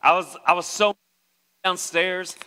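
A young pastor from West Tennessee tells a story from the pulpit in a bright, forceful, clear, resonant voice that's a little high for a man. He speaks at a measured pace, animatedly acting out the other people's voices, and his voice rings long through the church sanctuary.

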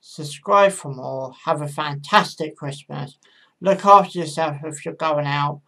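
A woman's voice: low voice, a little slow, fairly bright tone. A woman hosting her own football channel, talking through match predictions in a casual, hesitant way with frequent ums and self-corrections. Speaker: football pundit channel host.

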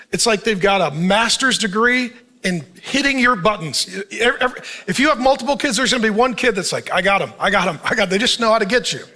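A man's voice: high voice, pushed and bright. A middle-aged man, a pastor, giving a conversational sermon, putting questions to the audience and acting out short bits of dialogue. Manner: conversational preaching, asks the audience questions, acts out quoted dialogue.

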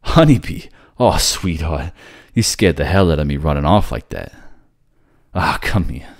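A man playing a hardbitten 1920s police detective in a noir audio drama, talking in curt, gruff questions. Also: a bass voice, lively intonation, measured pace, no room sound, studio quality, heavily acted. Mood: relieved.

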